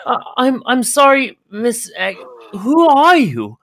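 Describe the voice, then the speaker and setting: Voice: sing-song, takes it slowly, a bit bright, heavily acted. A game master voicing a nervous young male servant who stammers. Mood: flustered. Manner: stammering, high and hesitant.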